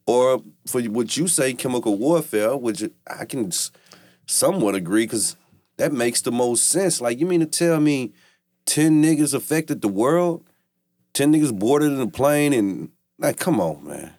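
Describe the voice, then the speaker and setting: A man's voice: medium pitch, animated, unhurried, a little mellow, no room sound. A man in casual podcast chat, blunt and earnest, pushing back.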